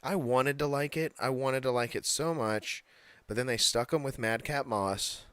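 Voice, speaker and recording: A man's voice: mid-range voice, moderate pace, fairly bright tone, smooth, no room sound. A man co-hosting a casual wrestling podcast, talking bluntly, swearing freely and laughing often. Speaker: podcast co-host.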